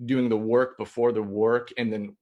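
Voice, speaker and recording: A man of middle pitch asks a question over a video call, speaking earnestly and in a friendly way. His tone stays casual, like a viewer chatting with a host. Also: level tone, normal speed, narrow, tinny audio. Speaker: caller on a live Q&A.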